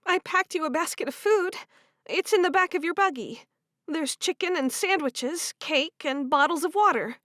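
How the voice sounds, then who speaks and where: A woman's voice: high voice, lively intonation, moderate pace, fairly bright tone, dry recording, studio quality, voice pushed up. A woman voicing an anxious, caring young Amish woman in an audiobook. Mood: tender.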